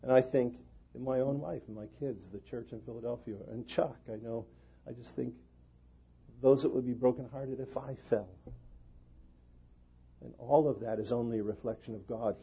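A pastor preaching an earnest sermon to fellow pastors. His delivery swings from loud emphasis to hushed prayer. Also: medium pitch, steady tone, moderate pace, vocal fry, breathy edge, dull audio.

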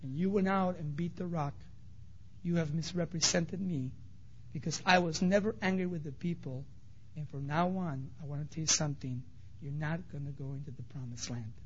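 A man voicing God as a stern but fatherly older male figure who speaks calmly, firmly and plainly. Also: a little high, normal speed, a little hiss or hum, pitched below the performer's own voice, natural voice. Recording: dull lo-fi recording.

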